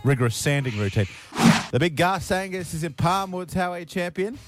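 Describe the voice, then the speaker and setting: A man's voice: sits high, lively intonation, a little fast, faint music behind. A man with an Australian accent hosting a radio show, bantering and teasing in a dry, jokey way. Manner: teasing, dry, uses mate. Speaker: radio host.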